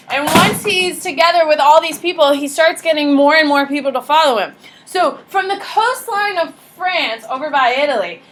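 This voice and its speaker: A young woman teaching a high school history class, lively and casual, joking and chatting with her students between points. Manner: animated, casual and slangy, jokes with students. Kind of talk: classroom lecture.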